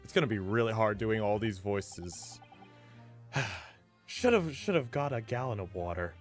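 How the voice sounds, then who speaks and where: A man's voice: fairly low pitch, lively intonation, unhurried, faint music behind. A man hosting a let's-play, giving rambling, self-deprecating commentary. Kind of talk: casual gameplay commentary.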